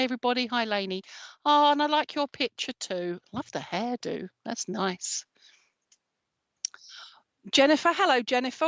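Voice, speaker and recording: A woman's voice: a little high, fairly bright tone, no room sound. Chatty woman, slightly muffled. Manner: chatty and affectionate, with many ums and endearments. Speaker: spiritual medium hosting a live stream. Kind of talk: casual live-stream chat, greeting viewers. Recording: dry, slightly dull sound.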